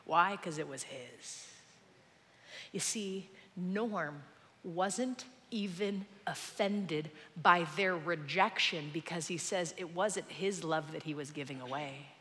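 A woman giving a sermon with animated storytelling, addressing a congregation in a large church. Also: lowish voice, takes it slowly. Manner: animated storytelling, acting out quoted people. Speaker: preacher. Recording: echoey hall with long reverb.

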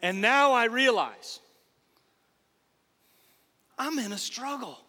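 Pastor guy preaching, high bright voice, lively stories and asides to the crowd, long hall echo. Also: slow. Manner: animated storytelling with asides to the congregation. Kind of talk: sermon. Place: church sanctuary.

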